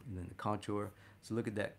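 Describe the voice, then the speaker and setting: Gravelly man teaching figure drawing. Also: fairly low pitch, level tone, fast, slight background noise. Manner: enthusiastic, talks to "my friends" while drawing. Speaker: art instructor. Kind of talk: drawing lesson while sketching.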